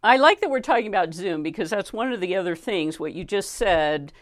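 A woman's voice: lowish voice, animated, a little fast. A woman hosting an interview who asks long, thoughtful questions. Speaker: interview host. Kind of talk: conversational interview.

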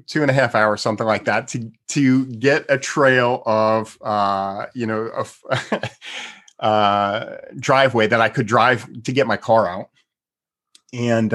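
A man from Pennsylvania telling a personal story in a casual, rambling way, with halting restarts and frequent chuckles. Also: mid-range voice, a bit bright. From Pennsylvania, US East Coast.

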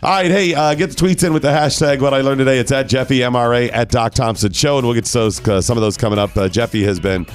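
A man's voice: mid-range voice, fast, hardly any pauses, clear, resonant tone, soft background music. A man hosting a talk radio show, bantering bluntly and wryly while running the segment. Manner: blunt, wry, runs the segment.

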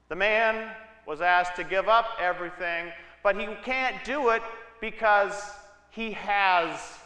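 A man's voice: a little high, pushed and bright. A man preaching a sermon, telling Bible stories in a conversational way with asides to the congregation. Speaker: pastor. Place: church sanctuary. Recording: echoey church hall.

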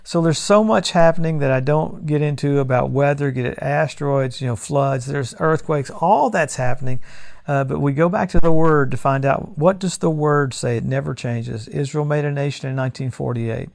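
Emphatic gravelly preacher man. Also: a little high, normal speed, darkish tone. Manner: emphatic, conversational preaching with repeated phrases. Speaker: pastor. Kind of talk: end-times news commentary.

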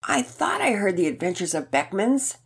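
A woman's voice: mid-range voice, sing-song, moderate pace, creaky, breathy edge, voice pushed up, heavily acted. A woman voicing a sleepy, enthusiastic family dad who talks in an eager, exclaiming way.

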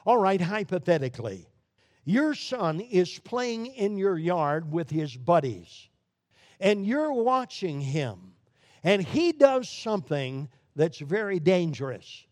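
A man from Brooklyn preaching a sermon, emphatic, with sudden swings between loud declarations and quiet, low lines. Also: big pitch swings, takes it slowly, no echo, clean studio sound. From Brooklyn, New York. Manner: emphatic preaching with sharp rises and drops in volume.

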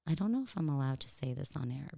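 A woman's voice: sits low, lively intonation, fast, gravelly, warm tone. A woman in her thirties chatting as an interview guest, joking with fillers and asides, her voice said to sound like a cartoon. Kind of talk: casual comedic interview chat.

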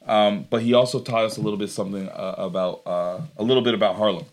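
A man's voice: on the low side, fairly even intonation, fast. A young man hosting a podcast in casual chat, telling stories in a laid-back way with slang and swearing, recorded in a screened sunroom. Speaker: podcast host.

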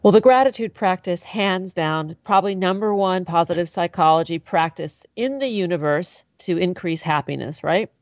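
A woman's voice: on the low side, moderate pace, few pauses, darkish tone, no room sound. A woman hosting a talk show, chatting with enthusiasm. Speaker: host. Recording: dry, dull lo-fi sound.

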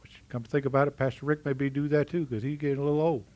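A man's voice: mid-range voice, steady tone, quick pace, highs cut off. A middle-aged man preaching a sermon in a conversational way, often asking his congregation questions. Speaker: pastor.

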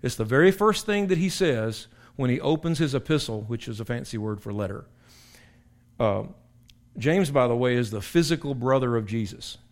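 A man's voice: mid-range voice, lively intonation, moderate pace. Emphatic older man teaching scripture. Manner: conversational and emphatic, with frequent repetitions and restarts. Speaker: pastor teaching a Bible study. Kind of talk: sermon-style Bible teaching.

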